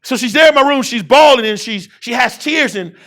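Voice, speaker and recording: High, bright, gravelly-voiced man speaker. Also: animated. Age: 30s. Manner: call-and-response with the audience, rising to shouts; emphatic repetition, slowing down for key words. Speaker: keynote speaker. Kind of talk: motivational keynote speech.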